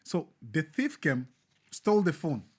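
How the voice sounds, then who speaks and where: A man's voice: a little high, sing-song, unhurried, slightly rough. A man hosting a live show, giving emphatic, repetitive, preacher-like commentary.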